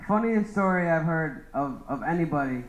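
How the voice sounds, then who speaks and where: A man's voice: fairly high pitch, lively intonation, moderate pace, echoey room, dull audio. A young man doing a rambling stand-up roast of his friends, laughing at his own jokes. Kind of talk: open-mic roast set.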